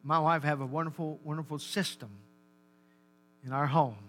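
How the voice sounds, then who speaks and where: High, bright-voiced man preaching. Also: normal speed. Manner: animated, repeats words, calls to congregation. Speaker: pastor. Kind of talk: sermon.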